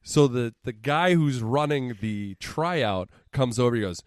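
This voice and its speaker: A man's voice: on the high side, very animated, a little slow, hardly any pauses, no room sound, studio quality. A young man on a podcast, recapping a movie in a sarcastic, profane, storytelling way. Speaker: podcast co-host.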